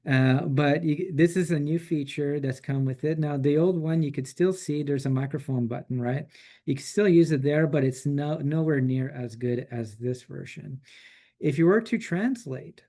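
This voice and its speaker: A man presenting a software tool in a relaxed, chatty way, with frequent fillers and restarts. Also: on the high side, normal speed. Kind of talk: casual software demo.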